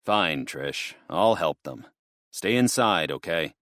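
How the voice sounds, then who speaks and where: A big, weary police officer from an audiobook, blunt and matter-of-fact, as a male narrator plays him. The voice is low and even. The sound is close and dry. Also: slow pace, no echo, exaggerated voice. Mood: gruff, blunt. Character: large gruff middle-aged police officer.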